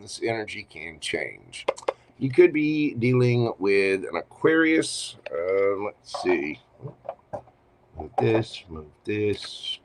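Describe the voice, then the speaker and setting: A man's voice: fairly low pitch, a little hiss or hum. A man reading tarot cards live for viewers in a chatty, playful manner with teasing asides. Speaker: tarot reader.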